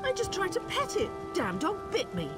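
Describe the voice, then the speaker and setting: A woman's voice: very high-pitched, wildly swooping pitch, normal speed, over loud music, full character voice. A whiny, bitten young woman. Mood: annoyed. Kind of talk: video game voice acting.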